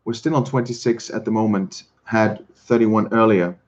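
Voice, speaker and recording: A man from Switzerland, hosting a casual livestream and chatting with viewers in a halting way, often repeating words and chuckling. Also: lowish voice, steady tone, lo-fi sound. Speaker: livestream host. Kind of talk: casual chat reading viewer comments.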